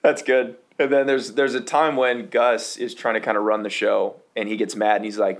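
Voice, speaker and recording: A man's voice: fairly low pitch, fairly even intonation, moderate pace, gravelly. A man co-hosting a podcast, rambling and correcting himself as he retells scenes from a show. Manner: rambling, self-correcting storyteller. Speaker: podcast co-host. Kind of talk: casual chat.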